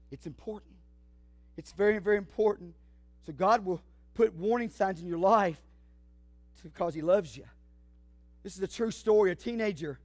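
A man preaching a fiery sermon, swinging from shouts to hushed asides. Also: high voice, no room sound. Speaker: pastor.

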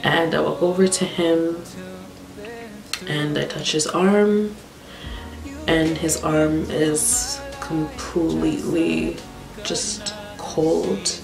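A woman vlogger telling a painful personal story in a halting, tearful way, holding back tears. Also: low voice, steady tone, gravelly. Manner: halting, tearful, many fillers and restarts. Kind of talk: emotional storytime monologue. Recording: roomy echo with faint background music.

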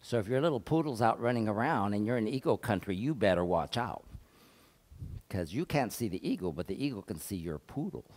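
A male pastor giving a sermon in a church, telling stories in a conversational way, rising to emphatic points and dropping to hushed asides. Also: fairly low pitch, fairly quick. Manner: conversational storytelling, lively swings between emphatic and hushed. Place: church sanctuary.

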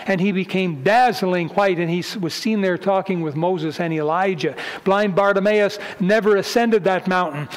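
A pastor delivers a sermon with fervent conviction, his voice sitting notably high for a man. He swells in volume and then drops back, rolling through his points in a preaching cadence. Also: rough recording.

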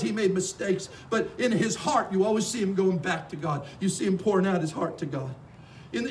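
High-pitched guy preaching hard, repeats himself and builds to shouting, mic kinda far off w/ faint hiss. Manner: fervent, repetitive, rising to shouts. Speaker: pastor. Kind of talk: sermon. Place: church sanctuary. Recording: distant mic with faint background noise.

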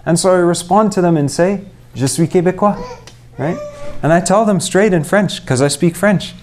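A man's voice: high-pitched, normal speed, a little mellow, slight background noise. A young man born and raised in Montreal, giving an earnest mosque talk and putting rhetorical questions to his audience. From Canada, Montreal. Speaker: Islamic preacher.

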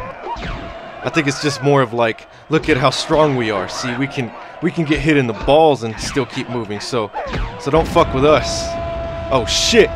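A man's voice: medium pitch, noisy background. Crude, rambling young man gaming. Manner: crude, rambling, joking storytelling with frequent laughs. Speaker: gaming YouTuber. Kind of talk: let's play commentary. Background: game music.

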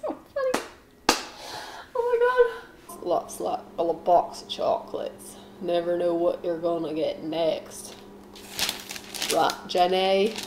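In an echoey, faintly noisy home kitchen, a young woman bakes and rambles through an offbeat comedy monologue, with jokey asides and mock voices for the people she quotes. Her voice is on the low side, flat in delivery, and slow.

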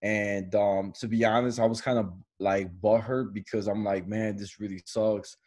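A man's voice: on the low side, moderate pace. A young man co-hosting a podcast, telling a story in casual chat and laughing often as he goes. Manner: animated, laughs often while telling stories. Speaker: podcast co-host.

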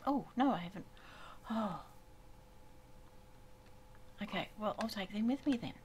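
Woman, older, unhurried let's-play chatter, very animated pitch, noisy home recording. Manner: chatty, talks to the animals, exclaims often. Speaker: gaming YouTuber. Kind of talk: casual let's-play commentary.

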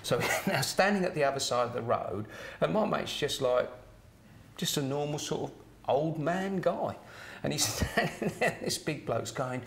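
A man's voice: fairly high pitch, animated, moderate pace, creaky, fairly bright tone. A middle-aged man from Kent, chatting as a former doorman who tells anecdotes and adds "right?" tags and chuckles. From Kent, England. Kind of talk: casual anecdote telling.

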